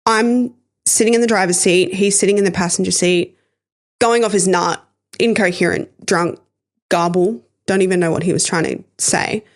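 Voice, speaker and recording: A woman's voice: on the low side, fairly even intonation, normal speed. A woman, hosting a podcast and candidly telling a painful personal story, emotional and swearing at times. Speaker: podcast host sharing her story.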